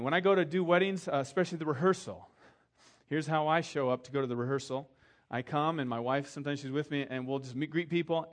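Preaching in an easy storytelling manner, this middle-aged pastor has a fairly high-pitched voice. He performs the voices of those he quotes and goes soft whenever he wants something to land.

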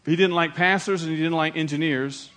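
A middle-aged man delivers an evangelistic sermon from the pulpit. His voice sits somewhat high for a man, and he speaks earnestly, swelling into emphatic appeals and then settling into personal stories. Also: steady tone, fairly quick, a bit bright. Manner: earnest, rising to emphatic appeals, storytelling asides. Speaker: pastor.

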